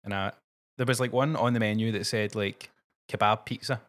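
A man's voice: fairly low pitch, fairly even intonation, moderate pace, fairly bright tone. Laid-back Scottish man, dry humour. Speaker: podcast co-host, musician. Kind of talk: casual chat.

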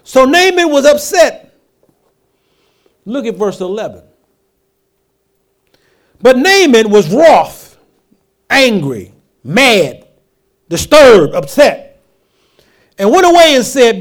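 A male pastor preaching a sermon, throwing rhetorical questions at the congregation and swinging from hushed asides to loud emphatic lines. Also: very high voice, very animated, takes it slowly, pauses often.

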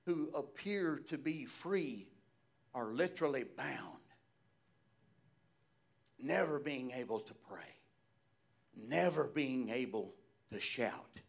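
Preacher, man, high voice, hushed-to-shouting fervent sermon delivery. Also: gravelly.

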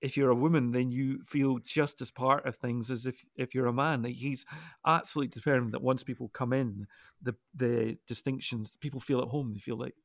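A man with a gravelly, fry-touched voice lays out his ideas in an unhurried, explanatory way. He often restarts mid-sentence as he thinks. The sound is dry and close. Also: medium pitch, steady tone, no echo. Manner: thoughtful, explanatory, with frequent restarts. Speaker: co-host of a Bible discussion podcast. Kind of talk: casual discussion.

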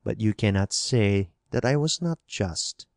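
A man reading the part of a stern older alien ruler and father, speaking in a measured, commanding way. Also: fairly low pitch, expressive, creaky, no room sound, studio quality.

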